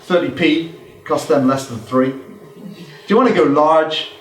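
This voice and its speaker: A man giving a lively, joking business talk to a live audience and acting out customer exchanges. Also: fairly high pitch, a little slow. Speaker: business speaker. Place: hall with a small audience. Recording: echoey room, from far off.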